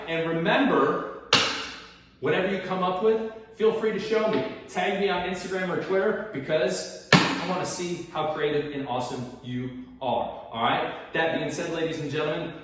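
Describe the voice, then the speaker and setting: A man's voice: on the high side, very noisy. A man teaching as a PE teacher, hyping workout reps with whoops and counting, sweaty and winded during the exercises. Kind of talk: energetic home workout instruction. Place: hot home garage. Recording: echoey garage from far off.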